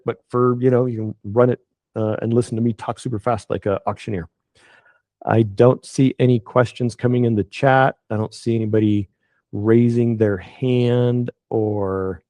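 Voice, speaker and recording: A man hosting an online webinar as an estate planning attorney, talking in a relaxed, conversational way with frequent fillers. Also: fairly low pitch, vocal fry, no room sound, studio quality. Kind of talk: casual webinar wrap-up.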